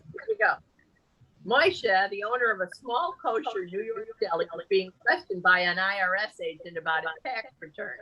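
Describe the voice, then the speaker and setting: A woman telling jokes to a live audience at a community evening, animated, laughing at her own punchlines and shifting her voice for each character. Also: on the high side, poor audio. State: tired. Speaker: amateur comedian at a community event.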